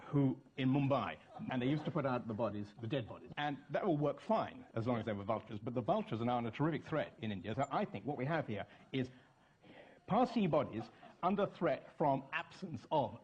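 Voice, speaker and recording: Lively, anecdote-telling male panelist. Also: medium pitch, brisk, dull audio. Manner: lively, storytelling, eager to guess. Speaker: panel show guest. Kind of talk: casual rambling anecdotes. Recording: loud studio audience laughter.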